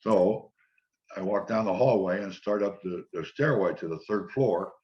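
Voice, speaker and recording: Deep-voiced older man telling stories. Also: moderate pace. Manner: relaxed anecdotal storytelling, quoting others. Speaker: former football player, guest. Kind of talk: storytelling interview. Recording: dull lo-fi sound.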